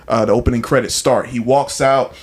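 A man co-hosting a podcast, chatting casually in a middle-pitched voice. He tells stories with lively enthusiasm and slips into acted-out quotes. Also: a little fast, a little hiss or hum. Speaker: podcast co-host. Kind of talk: casual chat.

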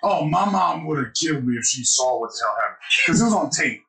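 A man's voice: on the high side, animated, fast, gravelly, echoey room, very noisy. A young man on a podcast, telling a story in a casual, profane way and laughing often. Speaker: podcast co-host.

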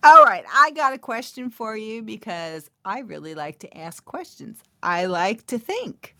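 A woman who hosts a podcast and works as a coach, telling a story and greeting listeners in an animated way with thoughtful humming fillers. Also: fairly high pitch, unhurried, no echo, clean studio sound.

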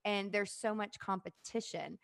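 A woman hosting a casual interview podcast, talking with excited enthusiasm. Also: medium pitch, normal speed, creaky, no room sound. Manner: enthusiastic, gushing. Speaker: podcast host.

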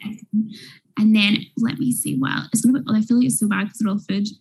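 Breathy young woman. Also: mid-range voice, steady tone, fast talker, darkish tone, poor audio. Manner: chatty, lots of fillers. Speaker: guest, small business owner. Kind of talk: casual podcast chat.

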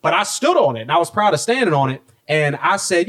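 Young guy podcast cohost, kinda high voice, animated storytelling, does the voices in his quotes. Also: quick pace. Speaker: podcast co-host. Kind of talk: casual chat.

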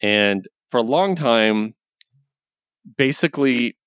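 A man's voice: medium pitch, animated, takes it slowly, fairly bright tone, clean tone, no echo, studio quality. A young man in casual chat, retelling a comic book story with lots of laughs and casual swearing. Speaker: podcast co-host reviewing comics.

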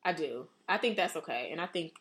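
A young woman talks on her podcast in loose, slangy chat, acting out the reactions she would have. Her voice is bright and swings widely up and down in pitch. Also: a little fast. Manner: animated, slangy, acts out quoted reactions. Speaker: podcast co-host. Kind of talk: casual chat.

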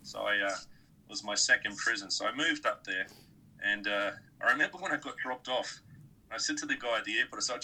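A man's voice: lowish voice, brisk, pushed and bright, husky, poor audio. A middle-aged man with a New Zealand accent in casual chat, laid-back and saying "mate" a lot.

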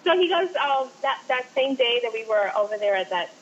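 A woman guest telling an excited fan story, acting out what people said, in casual chat. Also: on the high side, fairly quick, highs cut off.

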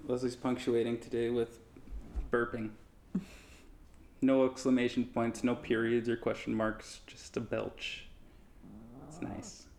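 A man co-hosting a podcast, chatting casually and explaining things in a relaxed way. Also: medium pitch, a little slow, long pauses, a little hiss or hum. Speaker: podcast co-host. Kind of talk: casual chat.

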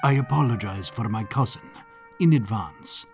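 A man's voice: medium pitch, very animated, measured pace, mellow, soft background music. A man voicing an impish, wry nobleman who talks in a confiding tone in a story reading. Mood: whispered aside.

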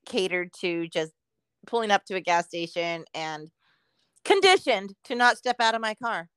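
A woman's voice: medium pitch, expressive, moderate pace, a bit bright, clear, resonant tone, no room sound, studio quality. A middle-aged woman from Southern California, co-hosting a podcast and telling stories in casual chat, swearing and laughing often. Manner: profane, laughing storyteller. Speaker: podcast co-host.

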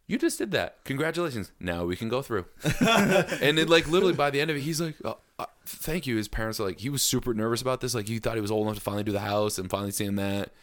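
A man's voice: racing, fairly bright tone. A man in casual chat who guides haunted house groups, telling stories in a dry, matter-of-fact way. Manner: dry, matter-of-fact storytelling, quoting people in a low voice.

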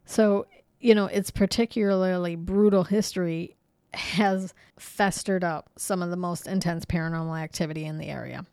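A woman co-hosting a podcast, casually telling ghost stories in a chatty, animated way with frequent fillers. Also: fairly low pitch, normal speed, clean tone, no room sound. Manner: chatty, lots of "you know" and "um"; animated, laughs easily. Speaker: podcast co-host. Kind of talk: casual storytelling about hauntings.

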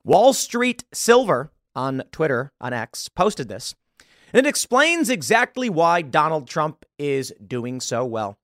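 A man hosting a political commentary show, talking in an animated, rambling monologue full of fillers. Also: a little high, slow pace, no room sound, clean studio sound. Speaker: show host.

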